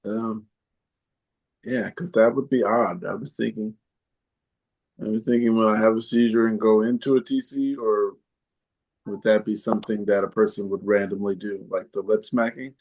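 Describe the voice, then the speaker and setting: Hesitant man with a lowish voice. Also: fairly even intonation, normal speed, a little mellow. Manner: thinks aloud with hesitant ums and repeats. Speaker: podcast host reading listener comments. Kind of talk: casual chat.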